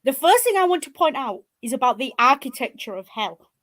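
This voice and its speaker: A woman, co-hosting a casual podcast chat in a blunt, animated, sweary way. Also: high voice, brisk. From northern England. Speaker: podcast co-host.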